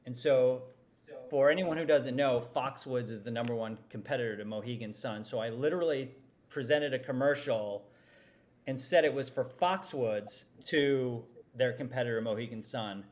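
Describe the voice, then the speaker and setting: Animated man telling work stories. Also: mid-range voice, moderate pace. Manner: animated, self-deprecating storytelling. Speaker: advertising executive guest. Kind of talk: podcast interview.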